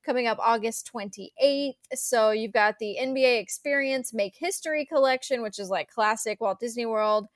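A woman with a fairly high voice co-hosts a casual podcast, full of enthusiasm and quick giggles. Her voice is recorded close and dry, with no room sound. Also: dry recording. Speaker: podcast co-host. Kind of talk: casual chat.

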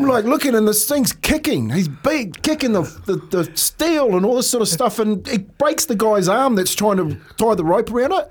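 A former footballer from Australia, now co-hosting a podcast, tells a story on a casual chat show, laughing animatedly as he goes. His voice sits high and is a bit breathy, moving at a moderate pace with few pauses.

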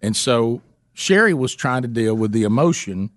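A man's voice: mid-range voice, expressive, moderate pace, dry recording, studio quality. A man hosting a radio show, telling a story in a playful, teasing way and acting out the quotes. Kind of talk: casual on-air storytelling chat.

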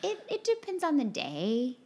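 A woman co-hosting a podcast in casual chat, animated and expressive, often laughing and mimicking friends in a high voice. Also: unhurried. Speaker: podcast co-host.

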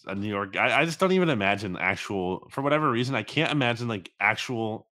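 A man with a very low voice talks through football news on a podcast, hesitating and restarting as he thinks aloud. The sound is close and dry. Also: animated, fast, pushed and bright, no echo. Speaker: podcast co-host. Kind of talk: casual sports chat.

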